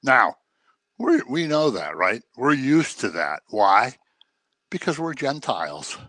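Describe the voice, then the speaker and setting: A man preaching a sermon in an animated way, acting out the voices he quotes. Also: mid-range voice, slow pace, no room sound.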